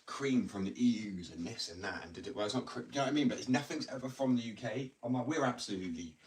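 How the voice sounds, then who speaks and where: A man's voice: fairly low pitch, recorded from a distance, slight background noise. A young British man chatting casually at home, rambling and joking at his own expense, swearing now and then. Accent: British English. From United Kingdom. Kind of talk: casual chat. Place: at home, indoors.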